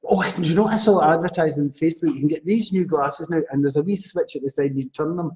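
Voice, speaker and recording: A Scottish man hosting a live psychic reading stream, chatty and animated, reading out viewers' names. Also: on the high side, quick pace. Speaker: psychic astrologer host. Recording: dull lo-fi livestream audio.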